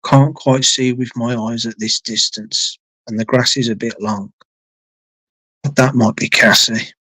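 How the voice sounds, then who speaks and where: A man's voice: mid-range voice, steady tone, unhurried, bright, forceful tone, breathy edge, no room sound, low-quality recording. A man telling a long personal story on a live stream in a casual, rambling way, swearing freely and repeating himself.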